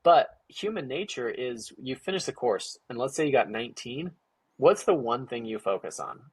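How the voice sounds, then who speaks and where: Interview guest, male, husky and dry-recorded, casual animated storyteller. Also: medium pitch, normal speed, dry recording. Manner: animated, acts out quoted dialogue with many "like" fillers. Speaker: guest, parent of a young ninja athlete.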